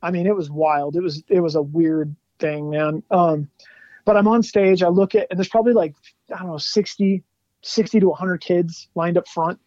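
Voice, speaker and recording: High-voiced man telling animated stories. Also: normal speed, no echo, muffled recording. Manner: animated, laughs often, lots of "like". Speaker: guest musician. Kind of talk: casual storytelling interview.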